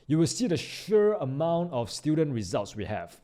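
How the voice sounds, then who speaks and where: A man giving live trading commentary, slangy and excitable, jumping from loud hype down to low mutters. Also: normal speed. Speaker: trading YouTuber.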